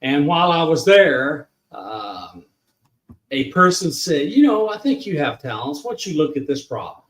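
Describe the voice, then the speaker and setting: A man's voice: fairly high pitch, very animated, moderate pace. An older man recounting his career in casual conversation, matter-of-fact and dry. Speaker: podcast guest. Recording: roomy echo.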